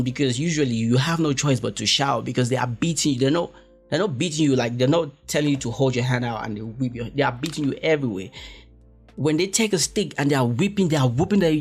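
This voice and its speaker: A man from Africa, hosting a podcast in a rambling, profane, animated monologue full of restarts. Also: medium pitch. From West Africa. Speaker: podcast host. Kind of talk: casual monologue.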